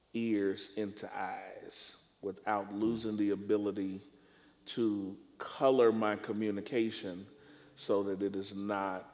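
A male preacher speaking in a panel discussion on preaching, with a measured, emphatic, deliberate way of phrasing. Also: on the low side, a little mellow, in a large hall.

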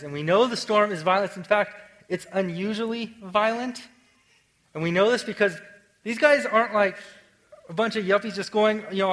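A man preaching a sermon in a casual, conversational way, moving between lively emphasis and quiet, hushed stretches. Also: high-pitched, poor audio. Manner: conversational, swings from energetic to hushed. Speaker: pastor.

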